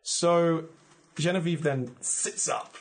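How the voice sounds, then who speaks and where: A man as a podcast guest, casually pitching a story in vivid, descriptive detail with plenty of "like" fillers. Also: steady tone, slow.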